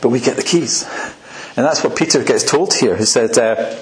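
Chatty pastor in a roomy hall. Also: male voice, mid-range voice, animated, normal speed, a little hiss or hum. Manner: chatty, jokey, laughs at his own asides. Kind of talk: sermon.

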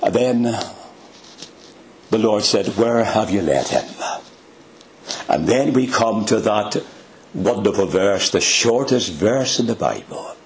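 Slow, low-voiced male preacher. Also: expressive, a little hiss or hum. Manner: dramatic, slow and emphatic with sudden rises in pitch. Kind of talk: sermon.

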